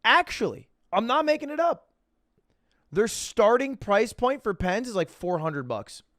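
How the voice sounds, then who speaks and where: A man's voice: high-pitched, big pitch swings, unhurried, a bit bright, dry recording, clean studio sound. A young man streaming and chatting casually with viewers, telling a story and acting out the voices of the people in it. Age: young adult.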